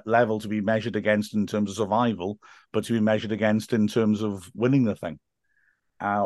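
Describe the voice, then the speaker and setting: A man's voice: fairly low pitch, darkish tone, no room sound, studio quality. A man as a podcast guest, a stadium announcer and teacher, chatting casually and telling stories with frequent laughs and quoted voices.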